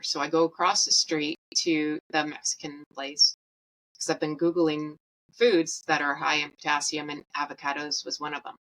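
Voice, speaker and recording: A woman's voice: deep voice, moderate pace, slight background noise, poor audio. A young adult woman from Canada hosting a podcast, telling a personal story candidly and acting out the dialogue with laughs. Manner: animated, acts out quoted dialogue; candid and self-mocking, laughs while telling. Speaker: podcast host.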